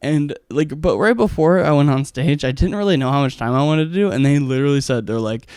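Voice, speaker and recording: A stand-up comic tells stories in a casual, rambling monologue full of swearing and fillers. His voice is on the high side, brisk, a little mellow and smooth, captured with clean studio sound and no room noise.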